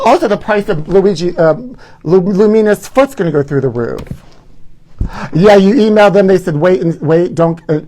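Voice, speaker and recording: A man hosting a live gossip show, campy and dramatic, who keeps calling his viewers honey. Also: fairly high pitch. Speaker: host.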